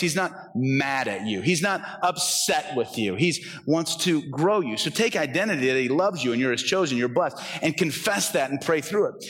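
A pastor in his forties preaching a conversational, animated sermon in a church, often acting out the voices he quotes. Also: a little high, in a large hall. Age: 40s.

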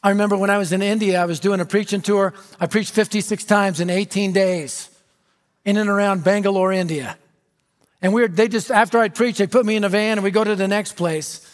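A middle-aged American man preaching a storytelling sermon, animated and dramatic, dropping to a hush for emphasis. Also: high-pitched, brisk. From United States. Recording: reverberant hall.

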